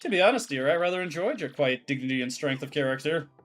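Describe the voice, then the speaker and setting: A man's voice: on the high side, lively intonation, quick pace, fairly bright tone, faint music behind. A man putting on a pompous grande dame. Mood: haughty. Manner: pompous, drawling, condescending. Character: grand, theatrical older female lady.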